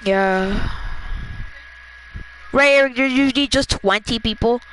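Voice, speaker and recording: A gamer chatting casually during a match, excitable and quick to laugh, giving a teammate quick instructions. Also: mid-range voice, slight background noise, low-quality recording. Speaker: gamer playing with a friend. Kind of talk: casual gameplay chat.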